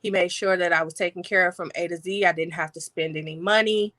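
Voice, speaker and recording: Woman guest, lively storyteller acting out dialogue, bright tense tone. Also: fairly low pitch, fast, dry recording. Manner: animated, acts out quoted dialogue. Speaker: podcast guest. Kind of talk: personal storytelling.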